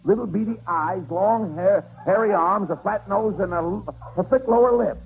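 A man playing the brisk, exasperated straight man in a 1940s radio comedy. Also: high-pitched, vocal fry, dull audio.

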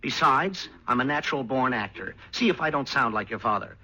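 A man's voice: medium pitch, lively intonation, brisk, pushed and bright, rough recording. A man doing 1940s radio comedy acting, goofy and bumbling, often breaking into laughs. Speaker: comedian star. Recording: old radio broadcast with faint noise.

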